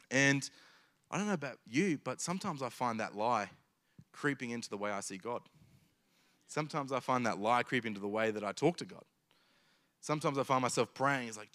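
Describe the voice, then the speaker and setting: A man's voice: mid-range voice, expressive, fast talker, a bit bright. A man preaching a sermon in an earnest way, building his points through emphatic repetition.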